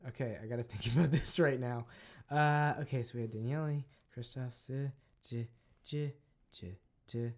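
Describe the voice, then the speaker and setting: A man co-hosting a podcast who thinks out loud and cracks jokes while answering quiz questions. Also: medium pitch, fairly even intonation, normal speed. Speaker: podcast co-host. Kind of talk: casual podcast quiz banter.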